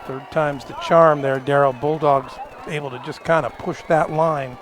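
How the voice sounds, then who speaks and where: A man giving folksy, joking color commentary at a live high school football game. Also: steady tone, moderate pace, background noise. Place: outdoors at a high school stadium. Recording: outdoor stadium with crowd.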